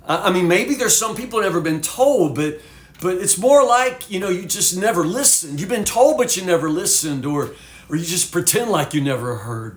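A man's voice: on the high side, lively intonation, fairly quick, a bit bright, reverberant. A man teaching from the Bible as a pastor, folksy and fervent, full of "you know"s.

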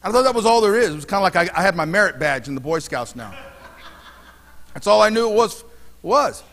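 Male pastor, high voice, casual storytelling sermon, long church reverb. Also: animated, a little fast, a bit bright. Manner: conversational preaching with personal stories, fillers and restarts. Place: church sanctuary.

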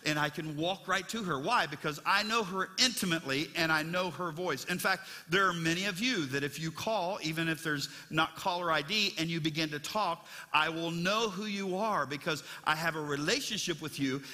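A man's voice: a little high, normal speed, few pauses, pushed and bright, big-room sound. A man preaching a sermon as pastor of his church, conversational and storytelling, with frequent restarts.

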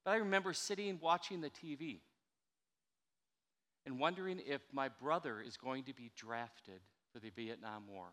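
An older man preaching a sermon in a church, chatty and animated, coaxing his congregation to answer back. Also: mid-range voice, normal speed. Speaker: pastor. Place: church sanctuary. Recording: reverberant church hall.

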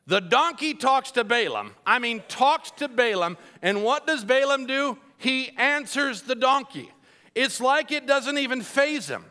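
A man preaching a sermon to a congregation, telling the story with lively asides and acted-out voices. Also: very high-pitched, unhurried. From Colombia. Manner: animated storytelling, acts out voices.

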